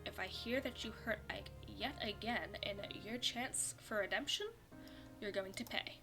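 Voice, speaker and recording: A woman's voice: mid-range voice, normal speed, over music, natural voice. A woman voicing a cold, furious young woman who harshly accuses and threatens someone to protect a friend in a visual novel. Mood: threatening.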